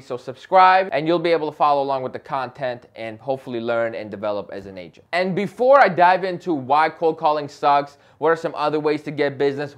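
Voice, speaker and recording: A young man talking straight to camera in an advice vlog, passionate and emphatic, often checking in with "right?". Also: fairly high pitch. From Chicago area. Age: young adult. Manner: passionate, emphatic, talks loudly with frequent "right?". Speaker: real estate agent and vlogger.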